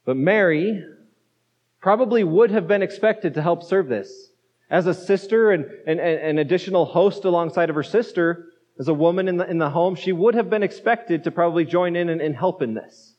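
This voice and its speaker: High-voiced preaching man, reverberant hall. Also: normal speed, darkish tone. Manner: conversational preaching with rhetorical questions. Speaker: pastor. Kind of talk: sermon. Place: church sanctuary. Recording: dull lo-fi sound with long reverb.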